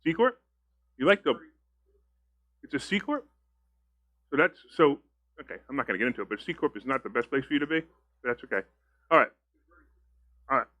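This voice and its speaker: A man's voice: medium pitch, expressive, brisk, pauses often, bright, forceful tone. A man teaching a live investing seminar, telling stories in a chatty way, asking the room questions and acting out both sides of his conversations. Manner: chatty, asks the audience questions. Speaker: real estate investing instructor. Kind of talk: live seminar talk to an audience.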